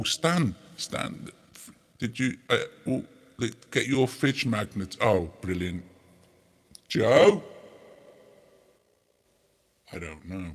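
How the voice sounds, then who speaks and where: A man hosting a casual demo of audio effects, his voice run through a harmonizer pitch effect, joking and rambling in a self-mocking way. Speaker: host demonstrating audio effects.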